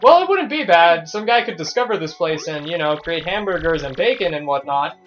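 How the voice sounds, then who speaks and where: Excitable man, game commentary, dull lo-fi audio, faint music behind. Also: high-pitched, moderate pace. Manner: excitable, jokey, reads dialogue aloud. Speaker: let's play host. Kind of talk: gameplay commentary.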